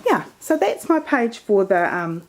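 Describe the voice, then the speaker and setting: A woman's voice: mid-range voice, big pitch swings, a little slow, a little hiss or hum. A woman chatting through her scrapbook page in a casual, meandering way. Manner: chatty and meandering, many fillers. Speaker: scrapbooking vlogger. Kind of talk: casual crafting show-and-tell.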